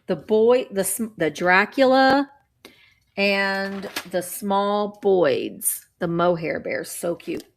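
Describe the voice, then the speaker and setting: A woman's voice: medium pitch, expressive, slow pace, vocal fry, a little hiss or hum. A woman chatting casually while running a live vintage auction, bubbly and playful with sing-song noises.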